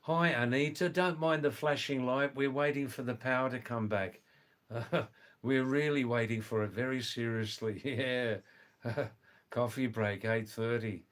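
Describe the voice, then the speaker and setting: A man's voice: mid-range voice, steady tone, a little slow, fairly bright tone. Chatty man hosting a livestream. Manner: chatty, friendly, greets viewers by name, laughs often. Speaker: livestream host. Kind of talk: casual livestream chat, reading comments. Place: indoors, during a power cut.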